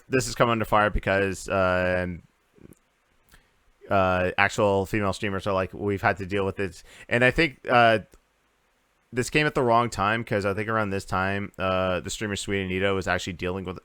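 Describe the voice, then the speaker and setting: A man's voice: low-pitched, steady tone, normal speed, pushed and bright, smooth, dry recording, clean studio sound. A man hosting a casual gaming podcast, rambling through news with lots of uhs and restarts. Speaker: podcast host.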